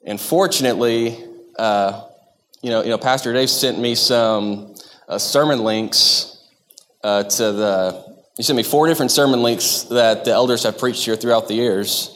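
A man's voice: medium pitch, unhurried, fairly bright tone, long reverb tail. A man from Texas, giving a sermon to his church in a conversational, self-deprecating way, often stopping and restarting his sentences. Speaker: lay preacher. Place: church sanctuary.

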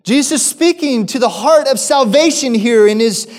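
A man's voice: very high voice, lively intonation, normal speed. A man preaching a sermon, reading scripture and asking the congregation rhetorical questions. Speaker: pastor.

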